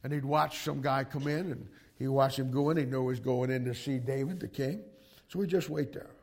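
A male pastor preaching to young ministry students, emphatic and animated, with frequent restarts. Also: mid-range voice, a little fast.

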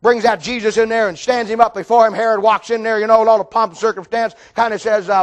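An older man preaching with a strikingly high, strained voice. He tells stories dramatically and swings from forceful calls to near-whispers. The delivery is fervent. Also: a little fast. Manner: fervent, dramatic storytelling, swings loud to quiet. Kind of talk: sermon.

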